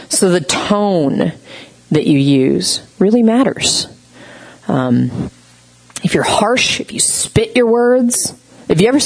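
Woman teaching in a casual chatty way, lots of ums and likes, voice sits a bit low. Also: poor audio. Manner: chatty, heavy on fillers, animated storytelling. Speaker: speaker teaching on gentle communication.

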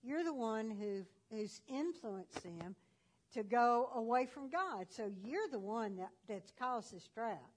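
Woman voicing the prophet Elijah, unhurried. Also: a little high, expressive, slight background noise. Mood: accusing. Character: bold male prophet, confident and mocking.

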